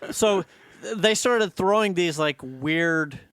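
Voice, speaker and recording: A man co-hosting a podcast in casual chat, animated, swearing often and laughing a lot. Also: high voice, slow pace, smooth, no room sound, clean studio sound. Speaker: podcast co-host.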